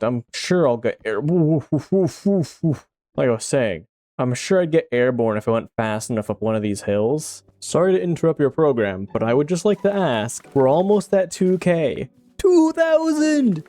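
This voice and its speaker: Playful man doing lively game commentary. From Canada. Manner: playful, excitable, often laughing and shifting pitch. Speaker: game YouTuber. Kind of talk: casual gameplay commentary.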